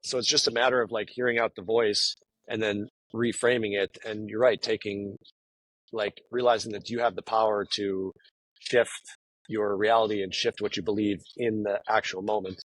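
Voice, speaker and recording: A man's voice: on the low side, little pitch movement, moderate pace, a bit bright, dry recording, low-quality recording. A man talking casually as an interview guest, rambling with many fillers and restarts. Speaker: guest, professional poker player. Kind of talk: casual conversation.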